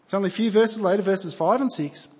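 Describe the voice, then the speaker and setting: A man's voice: sits high, fast, a little mellow, husky. A man preaching a sermon in an earnest, conversational way, asking his listeners rhetorical questions. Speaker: pastor. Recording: long hall reverb.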